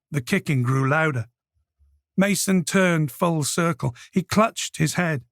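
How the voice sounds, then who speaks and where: A man reading a crime thriller audiobook with measured, scripted narration. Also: a little high, no room sound, clean studio sound. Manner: measured storytelling.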